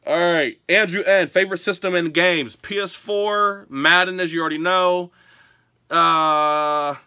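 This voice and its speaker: A man from Pennsylvania telling stories and answering viewer questions in a casual, animated home vlog, often breaking into laughter. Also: high-pitched, unhurried, clean tone, no room sound, clean studio sound. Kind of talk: casual storytelling Q&A. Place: his home.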